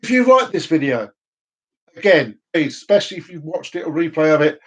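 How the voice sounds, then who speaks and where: A man's voice: on the high side, sing-song, fairly quick, slightly rough, poor audio. A man talking in a rambling, teasing monologue for his video channel, with frequent restarts. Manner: teasing, chatty, many restarts. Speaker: vlogger.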